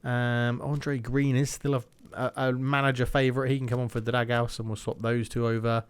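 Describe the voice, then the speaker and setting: A young man talks his way through a football video game in a relaxed, chatty flow. He thinks aloud as he plays and drifts into mock match commentary, his pitch sitting in an ordinary middle range. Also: normal speed, clear, resonant tone. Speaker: gaming YouTuber. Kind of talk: casual gameplay commentary.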